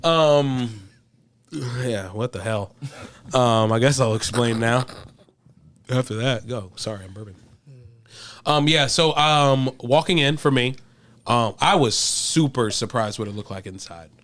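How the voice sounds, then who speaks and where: A man's voice: mid-range voice, measured pace, pauses often, a bit bright. Laid-back young man reviewing food. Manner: laid-back, swears freely, rambling. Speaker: restaurant reviewer. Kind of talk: casual chat.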